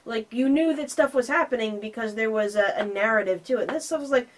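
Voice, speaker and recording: A woman's voice: on the high side, quick pace. A woman co-hosting a casual film review chat, sardonic and acting out the characters' lines as she recaps.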